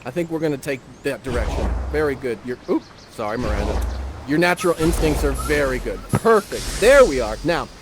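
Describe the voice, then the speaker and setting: A man's voice: a little high, noisy background. A man acting as a playful, theatrical director, guiding audience members through an improvised scene. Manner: animated, playful and theatrical, with quick asides. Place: virtual reality theater show.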